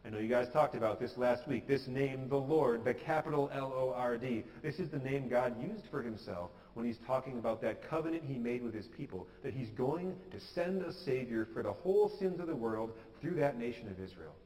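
A man's voice: mid-range voice, animated, brisk, few pauses, darkish tone, long reverb tail, rough recording. A pastor giving an earnest, conversational sermon, sometimes acting out the prayers he quotes. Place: church sanctuary.

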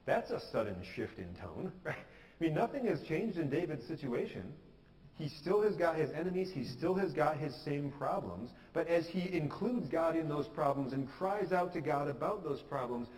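A man's voice: a little high, a little mellow, big-room sound, low-quality recording. A pastor giving an earnest, conversational sermon, sometimes acting out the prayers he quotes. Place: church sanctuary.

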